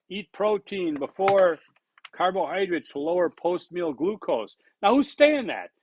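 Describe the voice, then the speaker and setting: A college instructor in his sixties, with a high voice, delivers a recorded lecture in a blunt, conversational manner, repeating points to drive them home. The recording is dry.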